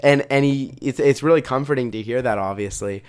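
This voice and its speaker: A man's voice: medium pitch, a little fast, a little mellow, clear, resonant tone. A man co-hosting a podcast, chatting casually and telling rambling stories full of fillers, with a lingering cough. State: has a cough from a chest infection. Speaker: podcast co-host. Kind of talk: casual chat.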